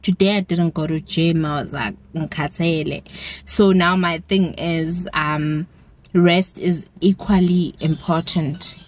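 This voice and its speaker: A young South African woman speaks with a South African accent in a relaxed, chatty vlog. She takes her time, wanders between topics and mixes local words into her English. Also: fairly low pitch, a little slow. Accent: South African, mixing in isiZulu words. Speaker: vlogger. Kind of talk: casual vlog to camera.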